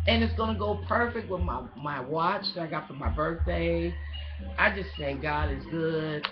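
A woman's voice: deep voice, measured pace, dull audio, over music. A woman vlogger in casual chat, emotional and gushing, often stumbling over her words with fillers.

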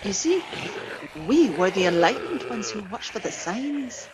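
A preachy old terrier, voiced by a woman reader, sure the end of the world is near and patronizing about it. His lines bounce around lively in pitch. There is a steady noisy hiss behind the storybook reading. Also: measured pace. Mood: smug. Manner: condescending, calls others young ones. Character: old male terrier, cryptic doomsday prepper.

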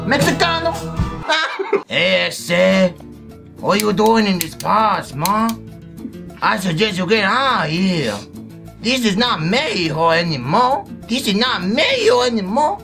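Young Mexican immigrant, hopeful and swaggering, halting accent, played by a woman, deep gravel. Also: very animated, fairly bright tone, faint music behind, heavily acted. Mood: tough. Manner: halting put-on Mexican accent, broken phrasing.

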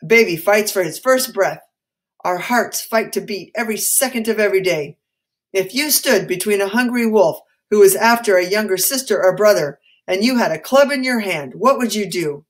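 A woman voicing a stern, forceful colonial patriot leader who speaks insistently and loudly. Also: medium pitch, lively intonation, normal speed.

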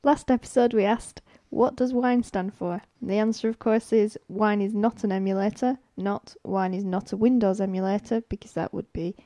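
A woman's voice: medium pitch, steady tone, moderate pace, hardly any pauses, mellow, slight background noise. A British woman on a podcast panel, reading out quiz answers with the odd giggle. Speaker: podcast co-host, producer. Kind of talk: casual panel chat.

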